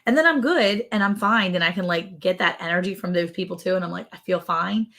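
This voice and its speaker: A woman's voice: on the low side, brisk, fairly bright tone. A woman co-hosting a ranch livestream, chatting casually, laughing often and yawning. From Texas. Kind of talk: casual live-stream chat.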